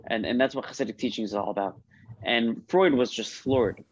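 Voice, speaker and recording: A man's voice: medium pitch, fairly quick. A man giving an informal religious lesson, telling stories in a conversational way with frequent restarts and questions to his listeners. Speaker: rabbi teaching a class. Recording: slightly muffled recording with faint noise.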